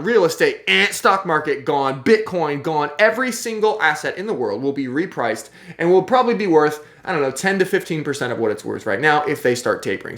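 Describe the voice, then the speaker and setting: A video host giving casual, ranting commentary over a screen share, animated and sarcastic, often checking in with the viewer. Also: medium pitch. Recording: roomy echo.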